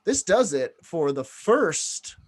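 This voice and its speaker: A woman's voice: deep voice, very animated, takes it slowly. A woman co-hosting a comedy podcast, playful and riffing on jokes. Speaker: podcast co-host. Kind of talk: casual comedy podcast chat.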